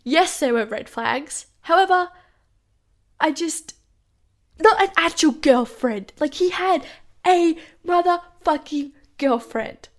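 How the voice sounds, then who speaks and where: High-voiced young woman telling a story. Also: animated, takes it slowly, long pauses. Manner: chatty, swears freely, peppers speech with "like". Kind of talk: casual personal storytelling.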